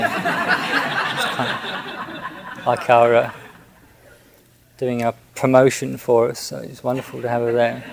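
A man who is a Buddhist monk, recounting a personal story in a gentle, hesitant way with many restarts. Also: medium pitch, creaky, low-quality recording.

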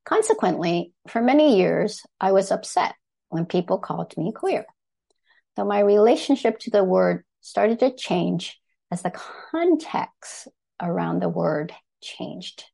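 An older woman from Thailand reading her personal essay aloud to an audience in a measured, deliberate way, pausing to correct herself now and then. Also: medium pitch, big pitch swings, creaky, warm tone, husky.

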